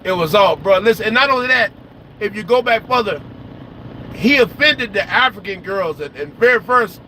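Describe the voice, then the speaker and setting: High-voiced man ranting outdoors, noisy. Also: moderate pace. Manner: animated, profane, repeats himself for emphasis. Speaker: trucker vlogger. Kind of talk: casual outdoor talk to viewers.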